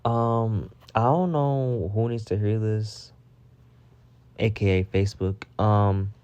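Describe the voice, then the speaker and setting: Male vlogger, low mellow voice, dry close sound; profane storytime rant, animated. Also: slow pace, clean tone, no echo, highs cut off. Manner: profane, animated, repeats himself for emphasis.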